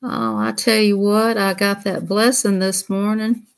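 A woman's voice: medium pitch, fairly even intonation, unhurried, gravelly. Folksy woman chatting on a livestream. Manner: folksy, chatty, laughs easily. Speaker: livestream host. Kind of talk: casual livestream chat.

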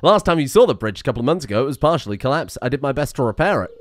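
Guy doing a cheery carpenter lady, chatty and polite, pitch bouncing around a lot. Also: big pitch swings, very fast, a little hiss or hum, close to an everyday voice. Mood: friendly. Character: cheerful middle-aged woman carpenter. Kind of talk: voicing game dialogue aloud.

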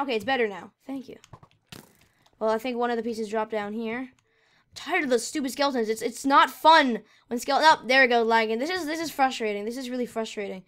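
High-voiced woman narrating her gameplay. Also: a bit bright. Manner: rambling, easily frustrated, talks to herself. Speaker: gamer. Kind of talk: casual gameplay commentary.

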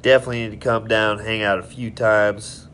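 A man's voice: fairly low pitch, level tone, a little fast, a bit bright, slight background noise. A man hosting a casual live stream, rambling in a friendly, tipsy way as he tells stories and greets viewers.

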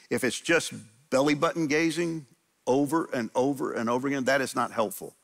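A man's voice: mid-range voice, expressive, quick pace, fairly bright tone. A man preaching a sermon to a men's group in a church, earnest, often repeating words and acting out prayers aloud. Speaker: pastor.

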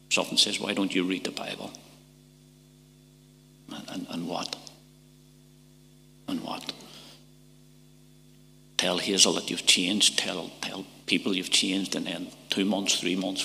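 A middle-aged man with a Northern Irish accent giving an emotional church testimony, halting and repeating words, sometimes dropping to a whisper. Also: deep voice, gravelly, pushed and bright. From Northern Ireland. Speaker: testimony speaker. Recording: church hall reverb.

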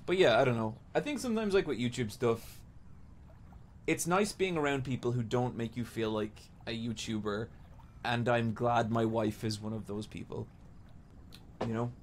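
A man's voice: mid-range voice, normal speed, slight background noise. A man in his thirties hosting a podcast in casual chat, rambling, self-mocking and swearing freely. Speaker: podcast host. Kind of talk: casual chat playing a game.

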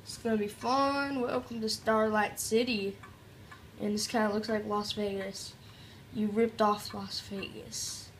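A woman's voice: mid-range voice, little pitch movement, unhurried, slight background noise. A woman doing casual let's-play commentary, joking around and reading on-screen tutorial text aloud. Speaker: gameplay commentator.

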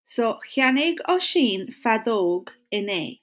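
A woman's voice: a little high, sing-song. Irish woman teaching a lesson. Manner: encouraging, repeats phrases slowly for pupils to say along. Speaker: primary school teacher. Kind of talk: recorded classroom lesson.

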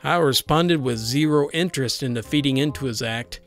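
A woman's voice: rumbling low, fairly quick, soft background music. A woman narrating her own story in a wry, mock-epic, dramatic telling.

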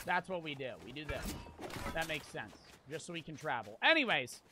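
A man's voice: fairly high pitch, sing-song, normal speed, bright, forceful tone, a little hiss or hum. A man in his twenties streaming a game, telling a rambling story between profane trash talk. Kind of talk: casual storytelling while gaming.

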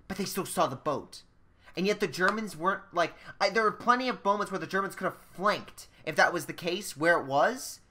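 A man's voice: high voice, brisk, bright, forceful tone, slight background noise. A man reviewing a film in casual chat, critical and insistent, often restarting his sentences.

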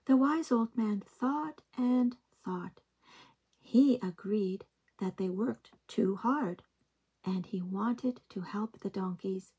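A woman reading picture books aloud to young children in a slow, gentle, expressive way. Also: medium pitch, breathy edge, lo-fi sound. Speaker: early-years storytime reader.

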